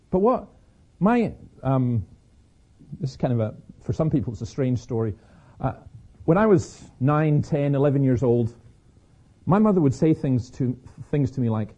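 A Scottish man with a sore throat, giving a lively preaching talk on stage to an audience and telling stories with many restarts. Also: a little high, moderate pace, husky. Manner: lively storyteller, repeats words as he restarts. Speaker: speaker. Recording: slightly dull lo-fi recording.

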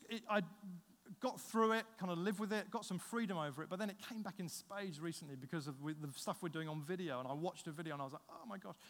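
Animated preacher man in a reverberant hall. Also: on the high side. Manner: animated storytelling, acts out dialogue. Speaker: pastor. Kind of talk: sermon. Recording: long reverb of a large hall.

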